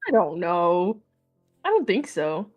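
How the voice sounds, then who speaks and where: A woman's voice: lowish voice, very animated, takes it slowly, darkish tone, faint music behind. Easygoing woman chatting on stream. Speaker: friend on stream. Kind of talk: casual stream chat.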